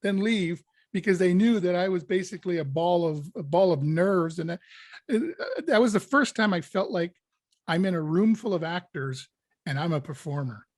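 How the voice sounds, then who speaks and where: A male actor in an interview, telling a lively anecdote and acting out his own panic. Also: sits high, normal speed, no echo. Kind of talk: casual storytelling interview.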